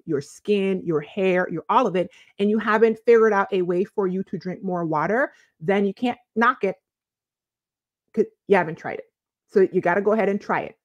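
A woman's voice: mid-range voice, no echo. A woman from the Virgin Islands, a life coach, giving emphatic advice straight to camera in a chatty vlog, repeating her key points.

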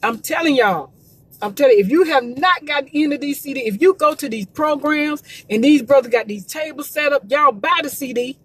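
A woman's voice: high-pitched, brisk, fairly bright tone, no echo. A woman promoting gospel music in a casual livestream, urging listeners with emphatic, repetitive preachy calls.

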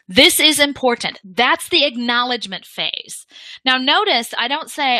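A middle-aged woman presents a communication training talk in a bright, pressing voice. She acts out quoted lines of dialogue with lively energy, and the close mic sounds dry, with no room around her. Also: on the high side, moderate pace, dry recording, rough recording. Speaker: workshop presenter.

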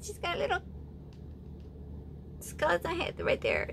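High-voiced gushing woman vlogger. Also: unhurried, pauses often, slight background noise. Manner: gushing and excitable, frequent exclamations. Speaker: craft vlogger opening birthday challenge mail. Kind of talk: casual unboxing chat.

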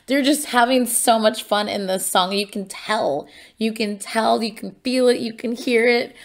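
Woman doing a music reaction vid, slow chatty fan talk, lots of vocal fry. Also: fairly high pitch. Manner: chatty, excitable fan muttering to herself. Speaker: reaction video host. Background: faint music from the song being reacted to.

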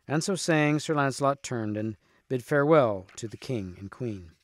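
A man reads a storybook chapter aloud in a steady, clear voice at an ordinary pitch. The recording is dry and close, with no room sound. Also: moderate pace, dry recording. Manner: steady, clear narration with occasional restarts. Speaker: reader.

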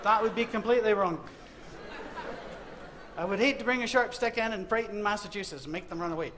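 A man's voice: high-pitched, quick pace, a bit bright, a faint crowd, a little hiss or hum. A man giving a humorous sermon, telling a Bible story as comic stories and acting out the voices. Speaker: preacher. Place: university auditorium.

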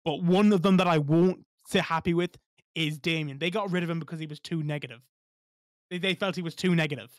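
A man's voice: on the high side, steady tone, a little fast, no echo, clean studio sound. A man talking as a podcast guest in casual chat, blunt and emphatic, swearing freely.

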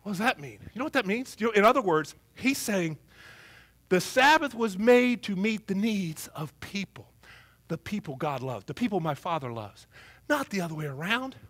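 A man preaching a sermon as pastor in a church, humorous and conversational with an animated delivery. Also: sits high, moderate pace, husky. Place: church, before a congregation.

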